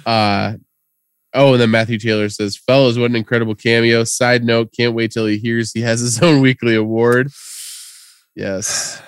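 A man's voice: medium pitch, flat delivery, normal speed, clean tone, no echo, clean studio sound. A man co-hosting a podcast, chatting casually and reading listener tweets in a loose, jokey way. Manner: loose and jokey, laughs often. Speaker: podcast co-host.

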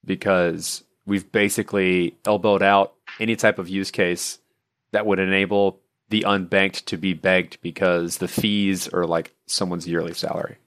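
Low-voiced guy rambling earnestly on a podcast, lots of um and like, dry close mic. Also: little pitch movement, measured pace, fairly bright tone, no echo. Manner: earnest, rambling, many fillers. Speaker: podcast co-host. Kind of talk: casual chat.

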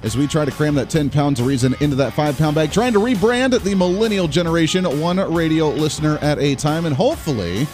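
Man, talk radio host, animated, sarcastic, slightly high voice, faint music bed. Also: a little fast, few pauses.

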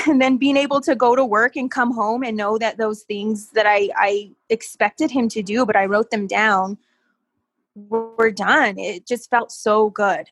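Chatty woman with a husky voice. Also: fairly high pitch, measured pace, soft background music. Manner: animated, repeats words when excited, laughs often. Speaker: podcast guest. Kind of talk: casual conversational storytelling.

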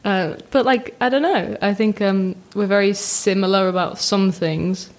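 A young woman, a podcast guest chatting casually, self-mocking and animated, acting out what others say. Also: medium pitch, measured pace. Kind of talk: casual chat.

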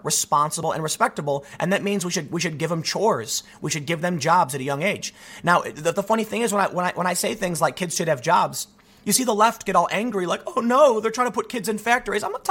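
Here a young American man runs his own channel, ranting solo with animated, restless energy and plenty of sentence restarts. His voice is high-pitched and a bit rough.

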